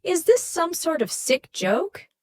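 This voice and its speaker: A woman's voice: mid-range voice, sing-song, a little slow, dry recording, clean studio sound. A woman voicing a worried, agitated wife answering a late-night phone call. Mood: upset. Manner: anxious, raised voice.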